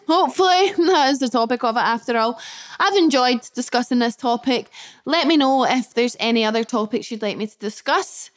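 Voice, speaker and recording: A young woman hosting her own podcast from her flat, chatting candidly, swearing casually, and reacting to listener comments she reads aloud. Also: a little high. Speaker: podcast host. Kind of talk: casual solo podcast chat.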